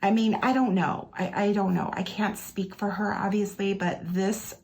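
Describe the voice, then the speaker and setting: A woman's voice: mid-range voice, fairly even intonation, moderate pace, darkish tone. A woman casually chatting through an unboxing for her channel, gushing with enthusiasm and peppering her talk with fillers. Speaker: planner unboxing vlogger. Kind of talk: casual product unboxing chat. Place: her office or desk area, indoors.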